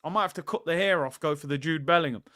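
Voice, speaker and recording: A man's voice: on the high side, quick pace, pushed and bright. A man hosting a casual livestream, chatting loosely, reading out viewer comments and calling his audience "people". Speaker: football fan channel host.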